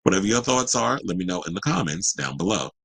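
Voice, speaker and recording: Sassy chatty man, bright voice. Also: deep voice, animated, fast talker, vocal fry, husky, rough recording. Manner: chatty, sassy, rambling asides. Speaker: pop culture commentary host. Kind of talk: casual solo commentary.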